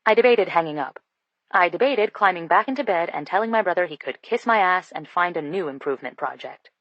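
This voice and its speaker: Low-voiced woman narrating a romance. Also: expressive, fairly quick, a bit bright, dry recording, muffled recording. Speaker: audiobook narrator. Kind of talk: first-person scripted narration.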